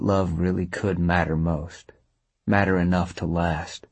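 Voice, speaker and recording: A man narrating a story in a calm, measured audiobook reading. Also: low-pitched, slightly rough, no room sound. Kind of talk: scripted narration.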